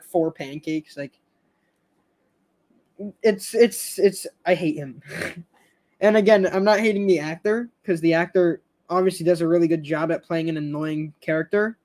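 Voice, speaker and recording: A high-pitched young man chatting casually on a fan stream. He rambles, trips over his words and restarts sentences, laughing now and then as he goes. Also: darkish tone. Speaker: show fan host.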